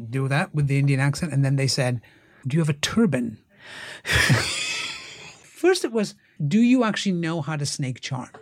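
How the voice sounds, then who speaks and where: A man, an actor and TV writer, telling stories as a guest in a casual interview, acting out the voices of other people. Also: no room sound. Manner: animated, acts out quoted voices with big jumps in pitch.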